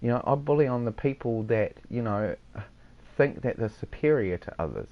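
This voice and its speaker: This New Zealand gamer sounds animated at a normal speed, his medium-pitched voice coming through dull audio. Chatting with fellow players, he hands out laid-back tips and leans heavily on "mate."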